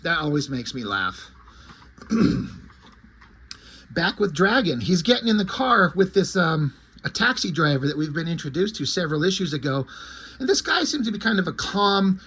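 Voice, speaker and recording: A man's voice: on the high side, big pitch swings, normal speed, sharp tone, slightly rough. A man casually recapping a comic book issue in a loose, chatty way with plenty of fillers.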